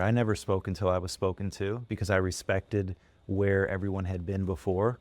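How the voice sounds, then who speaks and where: Low-voiced man telling animated stories. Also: no room sound. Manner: animated storyteller, laughs often. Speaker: podcast co-host. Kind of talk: casual storytelling chat.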